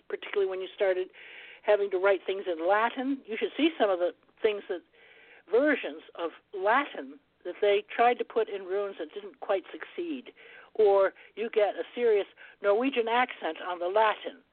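A woman's voice: mid-range voice, moderate pace, no echo. A woman guest on a phone-in radio interview, talking at length in a rambling, digressive way and ending her turns with "over". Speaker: guest rune scholar. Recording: tinny phone line, dry.

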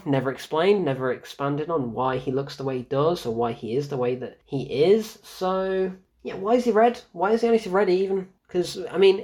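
A film reviewer ranting casually and sarcastically about a movie, exasperated, laughing at it, rambling through restarts. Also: medium pitch. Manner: rambling with frequent restarts and fillers.

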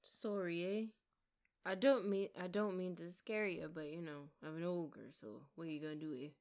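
A gruff male ogre, mock-menacing in a joking way, as a woman puts him on. The voice sits a little low, in the manner of an animated-movie parody. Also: moderate pace, lightly acted. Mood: mock menace.

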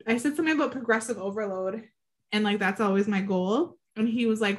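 A woman in her thirties co-hosts a podcast, speaking briskly in a mid-range voice. The talk is casual, frank chat with the occasional swear word.

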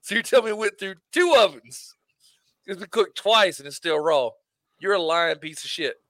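Podcast co-host, male, bright forceful voice, profane and animated, dry sound. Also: sits high, moderate pace, no echo. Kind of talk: casual chat.

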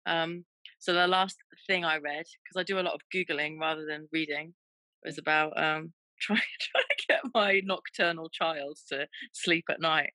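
A woman's voice: sits low, steady tone, normal speed, sharp tone, no echo, low-quality recording. A woman in her thirties, a fitness presenter guesting on a podcast, telling stories candidly with frequent laughter. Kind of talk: casual chat.

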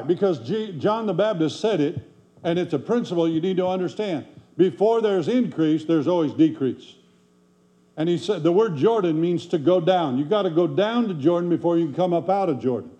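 A pastor preaches in a folksy, conversational way, firing rhetorical questions at his congregation. His voice sits a bit high but sounds mellow and warm. A faint electrical hum runs under the recording. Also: dull audio. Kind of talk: sermon.

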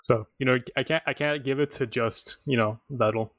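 Brief: easygoing male podcast co-host, quick to laugh, average pitch, dry mic. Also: steady tone, a bit bright, no echo. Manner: laid-back, laughs easily, short agreeing replies. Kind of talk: casual chat.

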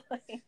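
A woman podcast host in a casual recap chat, ranting in exasperation and swearing a lot. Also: mellow.

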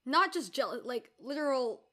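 A young woman in casual chat, chatty and opinionated with quick asides. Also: high-pitched, animated, sharp tone.

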